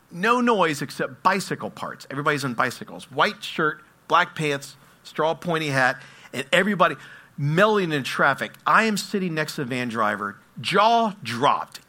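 A man preaching a sermon, telling stories and swinging between hushed asides and loud exclamations. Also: fairly high pitch. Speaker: pastor.

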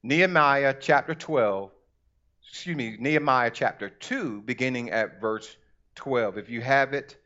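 A middle-aged male pastor preaches and reads scripture with an emphatic delivery, calling on the congregation and slowing to stress key words. His voice is mid-range and sharp-toned, on a dull lo-fi recording.

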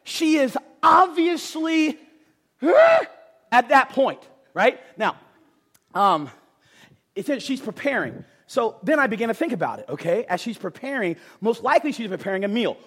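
A man's voice: high-pitched, normal speed, slightly rough. A man preaching a sermon, talking emphatically with casual jokes and frequent asides to the crowd. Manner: animated, emphatic, jokey, talks to the crowd with "right?".

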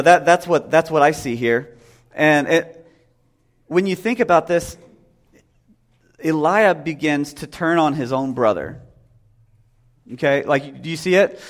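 Male preacher, thirties, chatty sermon delivery, slightly higher-pitched voice. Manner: conversational, acts out voices. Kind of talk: casual sermon.

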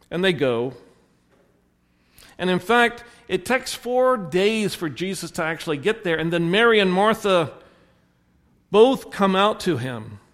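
A man's voice: sits high, lively intonation, a little slow, pauses often, a bit bright. A man preaching a sermon as a pastor, retelling a story and acting out the characters' lines. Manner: storytelling, voicing the characters in quotes. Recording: long hall reverb.

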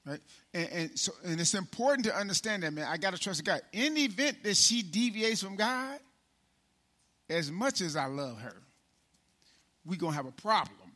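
High, bright-voiced preacher man. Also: animated, moderate pace. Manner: preaching with loud call-and-response swells and sudden hushed drops; casual, folksy with repeated "man" and "right?". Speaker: pastor. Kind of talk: sermon.

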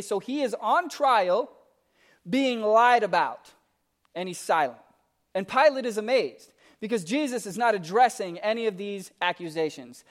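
A man preaching a sermon, reading scripture aloud and then explaining it in a conversational, emphatic way with asides to the congregation. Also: high-pitched. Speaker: pastor.

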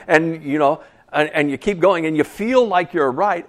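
A man's voice: fairly high pitch, expressive, fast talker, hardly any pauses. A man preaching a sermon in a conversational way, asking the congregation questions and repeating key phrases for emphasis. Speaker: pastor.

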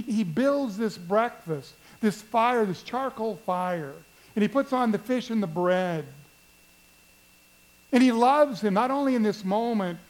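Male pastor doing a sermon, storytelling style, asks the crowd stuff, highish voice. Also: darkish tone, poor audio. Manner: conversational storytelling, asks the congregation questions.

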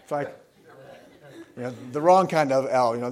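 A male pastor delivers a sermon in a conversational style, posing questions to his congregation and shifting between loud emphasis and quiet reflection. His voice sits at a medium pitch, and he speaks fairly quickly.

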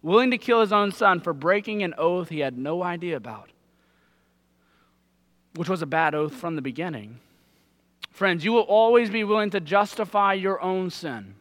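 A male pastor preaching a sermon, with a high voice and a sharp, bright edge. His delivery is casual and conversational, and he drops into folksy paraphrases of the text. The sound carries a long church-hall reverb. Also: moderate pace, long pauses.

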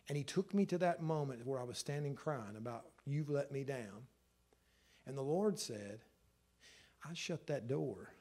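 A middle-aged man, preaching a sermon in an emotional storytelling way that swells loud at the peaks. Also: medium pitch, husky. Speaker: pastor.

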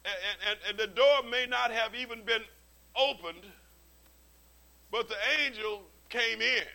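Male pastor, sermon, high-pitched, bright tense voice, animated humorous storytelling. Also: a little slow, gravelly, low-quality recording. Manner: repeats words when starting sentences.

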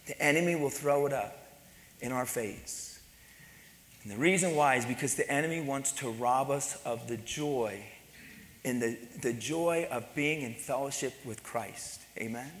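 A pastor delivering a sermon to his church, swinging between hushed, low passages and raised, emphatic ones. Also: a little slow, slight background noise. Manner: preaching with dynamic swings between soft and loud. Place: church sanctuary. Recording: echoey church hall.

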